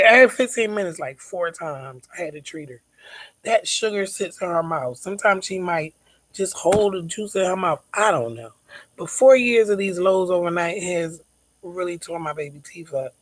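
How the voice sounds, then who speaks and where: A woman's voice: on the low side, normal speed, no echo, low-quality recording. A woman vlogging as a mother. She talks in an emphatic, venting way, repeats words for stress and sometimes drops to near-whispers. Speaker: mother vlogging about her child's diabetes. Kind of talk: casual venting vlog.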